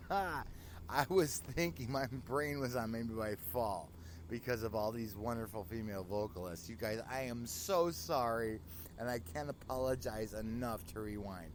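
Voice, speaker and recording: An excitable man hosting a radio show, rambling casually between tracks and laughing as he talks. His voice sits at an ordinary middle pitch. A faint hiss of noise runs under the recording. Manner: excitable, apologetic, laughing often.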